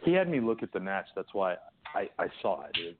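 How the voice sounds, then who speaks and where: Man, very low voice, hesitant caller, casual chat, phone-line audio, faint noise. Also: big pitch swings, fairly quick. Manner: hesitant, restarts and trails off.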